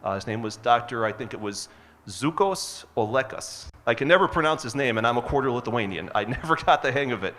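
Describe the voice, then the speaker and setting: A man's voice: medium pitch, expressive, brisk, fairly bright tone. Earnest male storyteller, chatty, uh-filled, long hall reverb. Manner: earnest, conversational, frequent uh's. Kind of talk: personal story told on stage. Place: hotel event hall.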